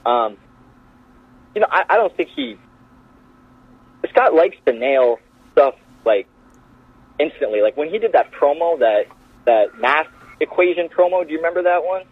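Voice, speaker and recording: Husky man telling stories over the phone. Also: a little high, normal speed, long pauses, no echo. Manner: animated, acts out quotes in changed voices. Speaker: wrestler guest. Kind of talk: casual storytelling. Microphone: phone call. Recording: tinny phone line.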